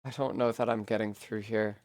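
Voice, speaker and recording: A man's voice: lowish voice, little pitch movement, brisk, darkish tone, dry recording, clean studio sound. A man rambling casually and poking fun at himself while streaming a video game, swearing now and then. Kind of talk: casual commentary while playing.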